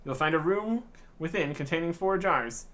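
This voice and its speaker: A man voicing a sinister female demon who hypnotizes her servant in a game, speaking in a slow, commanding way. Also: on the high side, expressive, a bit bright.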